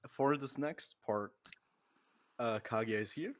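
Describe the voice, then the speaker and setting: A man narrating as game master of a tabletop game, setting scenes in a measured, unhurried way. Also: medium pitch.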